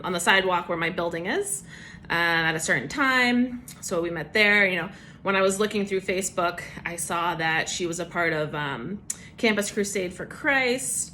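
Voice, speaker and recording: Bright-voiced woman sharing a church testimony. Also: lowish voice, a little slow, slight background noise. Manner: casual, chatty with many fillers and laughs. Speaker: church member giving a devotional. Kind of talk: personal testimony devotional.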